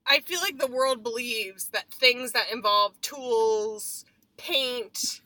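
A woman's voice: fairly high pitch, pushed and bright, dry recording, rough recording. A young woman co-hosting a podcast, chatting casually and joking playfully with her co-host. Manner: playful, quick to joke and riff. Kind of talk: casual chat.

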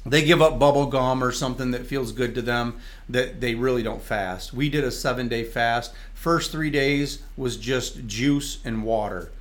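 A man, a reverend from Michigan, telling his testimony as a guest on a faith talk show, animated and storytelling, at times breaking into tongues. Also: medium pitch, normal speed.

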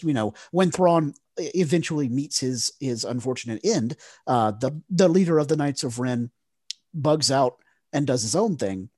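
A man co-hosting a podcast, talking in a rambling, animated way with many fillers. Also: medium pitch, slightly rough, no echo, studio quality. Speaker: podcast co-host. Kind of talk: casual chat.

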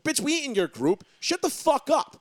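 Recorded close and dry, this high-voiced young man rants in a loud, crude, mocking way. He swears constantly and keeps the chat casual and heated. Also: sing-song, moderate pace, no echo. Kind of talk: casual profane rant.

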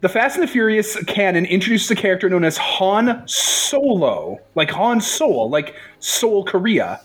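A man's voice: sits high, moderate pace, soft background music. A man playing in a tabletop game, bantering and rambling through jokes about movies. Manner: animated, rambling, joking. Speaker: player.

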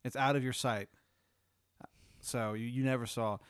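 A man improvising an absurd comedic scenario, rambling and halting with lots of restarts. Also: medium pitch, fairly even intonation, fairly bright tone, clear, resonant tone, no room sound, studio quality. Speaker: host telling a hypothetical.

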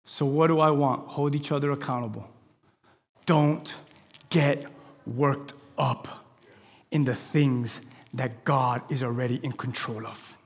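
A man preaching a sermon to his church, rambling and conversational, swinging from loud exclamations to hushed near-whispers. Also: medium pitch, steady tone, slow pace, long pauses. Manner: rambling and conversational, with asides to the congregation. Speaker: pastor. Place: church sanctuary. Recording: long reverb of a large hall.

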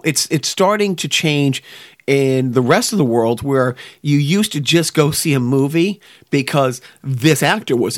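A man's voice: mid-range voice, no echo, studio quality. A man co-hosting a podcast, chatting casually and rambling with lots of restarts and fillers. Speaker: podcast co-host. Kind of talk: casual chat.

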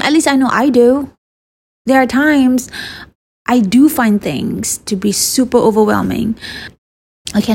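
A woman's voice: fairly high pitch, creaky, a little mellow, breathy edge. A woman in her thirties with a Malaysian English accent, giving casual advice in a chatty vlog and slipping Malay words into her English. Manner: chatty, mixes Malay into English, sighs and restarts. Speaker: vlogger.

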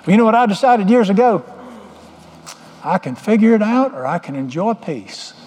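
A man's voice: high-pitched, lively intonation, moderate pace, a little mellow. A middle-aged man preaching a sermon, folksy and joking as he tells stories. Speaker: pastor. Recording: long hall reverb.

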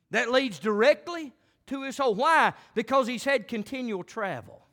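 A pastor delivers a folksy sermon in a very high, ringing voice. He talks plainly and then climbs into shouted, fervent preaching. The man's tone stays bright and forceful throughout. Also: lively intonation, normal speed. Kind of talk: fiery country sermon.

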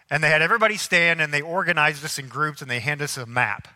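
A man preaching a sermon as a pastor, telling lively stories and acting out the people in them. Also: fairly high pitch, quick pace, few pauses. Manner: animated storytelling, acting out people in anecdotes. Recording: long hall reverb.

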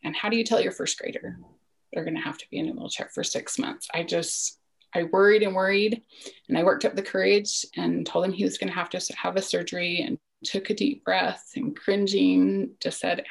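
A woman's voice: fairly low pitch, fairly even intonation, brisk, creaky, poor audio. A woman in her forties, a podcast guest, telling a personal story in an earnest, reflective way that sometimes sinks to a near-whisper.

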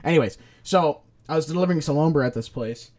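A man's voice: on the high side, fast, a little mellow. A man co-hosting a podcast, telling rambling casual stories and swearing freely. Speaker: podcast co-host. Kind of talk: casual chat.

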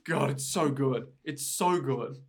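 A man's voice: mid-range voice, slow. A man co-hosting a podcast, bantering playfully about an anime with laughs and swearing. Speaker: podcast co-host. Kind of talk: casual anime recap chat.

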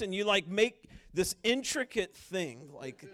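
Animated man preaching at a conference. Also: sits high, a little slow. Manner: conversational, animated, acts out quoted dialogue. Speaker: conference speaker. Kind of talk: sermon-style storytelling. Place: conference hall stage.

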